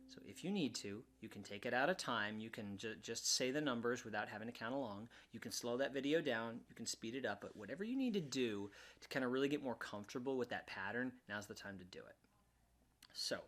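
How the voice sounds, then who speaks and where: A man's voice: medium pitch, brisk. Brief: man, ukulele teacher, easygoing talk with restarts, ukulele playing behind him. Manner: relaxed, hesitant with restarts, counts beats aloud. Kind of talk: casual instructional talk. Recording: ukulele music under voice.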